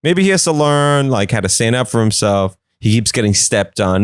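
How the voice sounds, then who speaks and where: A man's voice: mid-range voice, animated, moderate pace, hardly any pauses, smooth, no echo, clean studio sound. A man hosting a podcast, riffing in a rambling, jokey way. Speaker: podcast host. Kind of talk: casual comedic riffing.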